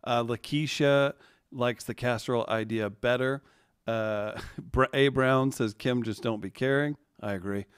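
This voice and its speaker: A man's voice: medium pitch, steady tone, a little slow, clear, resonant tone, no room sound, clean studio sound. A man working as a podcast producer, reading viewer chat comments aloud with chuckling, chatty asides.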